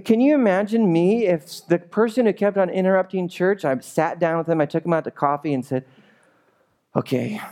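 Conversational, animated male pastor preaching. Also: high-pitched. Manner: conversational, animated, asks the congregation questions. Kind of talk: sermon. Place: church.

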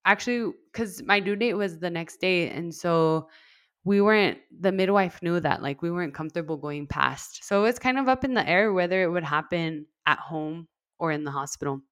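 A young woman from West Texas tells her own story in a relaxed, chatty way. She leans on "like" constantly and slips into the voices of the people she quotes. Her voice sits on the low side and sounds dry and close. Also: moderate pace, no room sound. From West Texas, USA. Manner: chatty, heavy use of "like", acts out quoted dialogue. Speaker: podcast host telling her own story. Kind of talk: casual personal storytelling.

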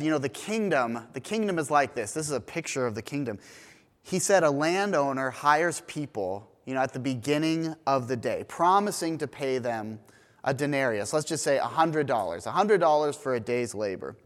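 A man preaching a sermon in a church, retelling a parable in a lively storytelling manner. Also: medium pitch, normal speed. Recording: long reverb of a church hall.

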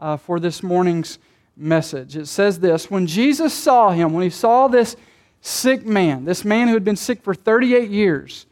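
Man, pastor, sermon, high voice, conversational, joking asides. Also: expressive, a little slow, a little mellow. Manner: conversational preaching with rhetorical questions and light jokes.

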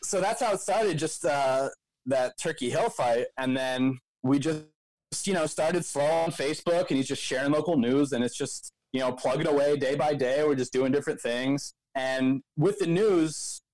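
A man's voice: fairly high pitch, moderate pace, a little mellow, dry recording, poor audio. A young man from the Philadelphia area telling a long story in casual podcast chat, full of "like" and "um". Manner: rambling storyteller, lots of "like" and "um". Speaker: co-founder of a local news outlet, co-host.

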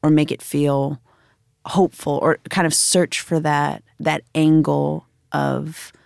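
A woman's voice: low voice, flat delivery, slow, creaky, darkish tone, dry recording, studio quality. A woman from Chicago, a musician guest who thinks aloud in loose, rambling sentences during a casual interview.

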